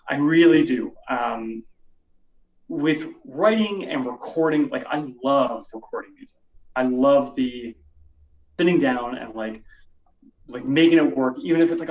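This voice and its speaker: A man who plays in a band, chatting in an interview, rambling with lots of fillers. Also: medium pitch. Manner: rambling, animated, many fillers. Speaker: musician guest. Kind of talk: casual interview chat. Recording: roomy sound from off the mic.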